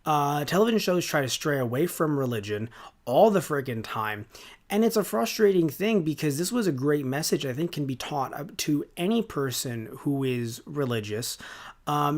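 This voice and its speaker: A man in his twenties hosting a podcast, giving a casual review in a rambling, sarcastic way with lots of fillers and restarts. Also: mid-range voice. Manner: rambling and sarcastic, with many fillers and self-corrections. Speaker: podcast host.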